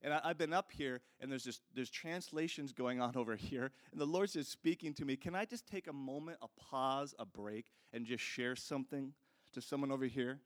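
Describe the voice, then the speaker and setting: A man's voice: mid-range voice, moderate pace. A man preaching a sermon in a conversational, storytelling way, speaking straight to his listeners. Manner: earnest, conversational, addresses the audience directly.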